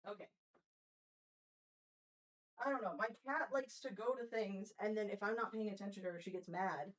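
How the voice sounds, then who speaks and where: A woman's voice: medium pitch, normal speed. A young woman streaming live, chatting casually, laughing often, swearing freely and scolding her cat mid-sentence.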